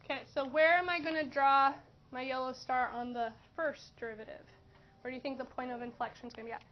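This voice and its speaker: A woman teaching a high school math class, asking questions and encouraging students. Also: steady tone, quick pace. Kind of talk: classroom lesson. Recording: dull lo-fi classroom recording with faint noise.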